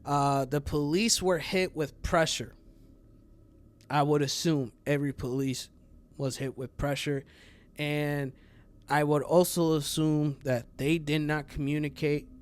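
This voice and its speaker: A man's voice: a little high, flat delivery, unhurried. A man hosting a true crime channel, talking casually in a rambling, profane way full of fillers. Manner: rambling, profane, full of fillers, laughs at his own jokes.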